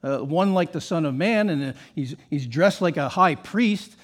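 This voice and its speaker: A man with a high voice preaching a sermon from the pulpit. He is an emphatic pastor who keeps asking the congregation rhetorical questions. He slips easily into casual asides. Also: lively intonation, moderate pace.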